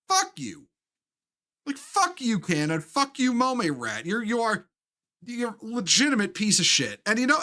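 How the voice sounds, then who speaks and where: A man's voice: sits high, bright, forceful tone. Heated, profane man ranting. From United States. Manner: profane, heated, halting restarts. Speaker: live streamer. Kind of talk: ranting live stream commentary.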